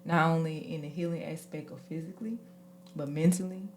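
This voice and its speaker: Woman host, AAVE, lively and emotional, moves between hushed and loud. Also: sits low, fairly quick, slight background noise. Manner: expressive, animated, swings from soft to loud. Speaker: podcast host. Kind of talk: casual, emotional conversation.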